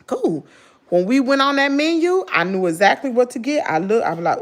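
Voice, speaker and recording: A woman's voice: on the high side, animated, normal speed. A woman hosting a live-stream, giving sassy, indignant gossip commentary straight to her chat. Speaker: livestream host.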